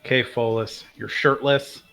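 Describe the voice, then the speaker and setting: A man's voice: mid-range voice, steady tone, a little slow, vocal fry, pushed and bright. Man narrating his tabletop moves. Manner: narrating his character's actions. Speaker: player. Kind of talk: tabletop game play.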